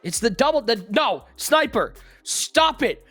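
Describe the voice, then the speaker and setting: A live-stream co-host rambles through casual chat, their voice leaping up and dropping back in an animated, loose way. They sit at a mid pitch and jump between bursts of excitement and quiet asides. Faint music runs in the background. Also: unhurried, no room sound.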